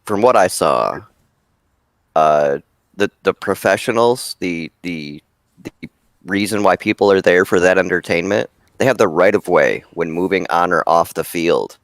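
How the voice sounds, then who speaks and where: Very low-voiced guy, blunt opinions, dry close sound. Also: fairly bright tone, no echo. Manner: blunt, opinionated, laughs easily. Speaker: co-host. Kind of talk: casual live-stream discussion.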